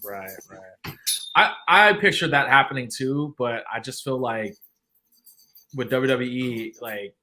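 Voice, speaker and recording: A man's voice: medium pitch, slow, background noise. A man hosting a livestream, chatting casually with lots of fillers and restarts. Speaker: livestream host. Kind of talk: casual chat.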